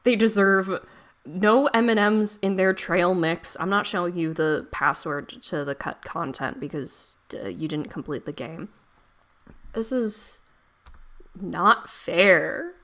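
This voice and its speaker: A young adult woman streams a story game, commenting casually in a fairly low, slow voice. She reacts dramatically, swears now and then, and breaks into loud outbursts and laughs over game music.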